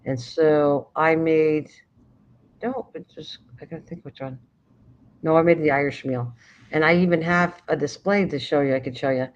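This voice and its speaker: A woman's voice: deep voice, fairly even intonation, moderate pace. An older woman hosting a casual late-night chat, rambling and often restarting sentences while she searches for words. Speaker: livestream host. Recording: dull lo-fi stream audio.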